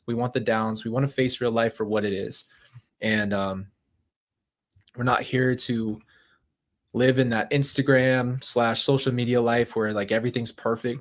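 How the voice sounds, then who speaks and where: Man, livestream host, earnest casual talk, heartfelt, repeats himself. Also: mid-range voice. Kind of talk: casual chat to viewers.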